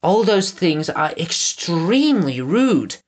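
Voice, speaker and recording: Prim, bossy girl giving lessons in manners, lively pitch; male narrator voices her. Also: takes it slowly, heavily acted. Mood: lecturing. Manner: prim, lecturing.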